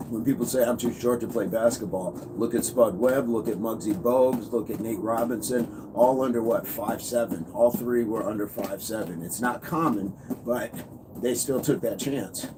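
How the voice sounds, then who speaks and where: A man's voice: mid-range voice, normal speed. A man coaching fitness on a casual livestream, upbeat, reading and answering viewer comments. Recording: noisy background.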